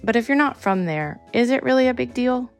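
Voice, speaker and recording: A woman's voice: on the high side, animated, brisk, soft background music. A woman from Texas with a slight Texan accent, narrating a radio feature in a personal, reflective way. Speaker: reporter and narrator. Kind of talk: scripted narration.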